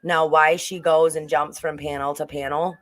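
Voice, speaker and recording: A livestream host talks through a true-crime case in a loose, rambling way. The speaker often restarts sentences and breaks off to answer the chat. The voice sits at a middle pitch. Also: level tone, normal speed, a bit bright.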